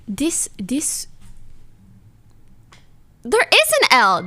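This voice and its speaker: A woman's voice: high voice, very animated, measured pace, long pauses, fairly bright tone. A young woman livestreamer in casual, playful chat, giggling as she sounds out foreign phrases.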